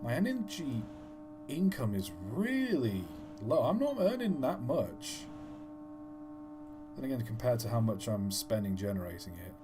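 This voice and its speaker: A man streams himself playing a game, chatting casually in a mid-range, sing-song voice at a measured pace, with music underneath. He's playful and self-mocking, trying out silly voices as he comments on the gameplay.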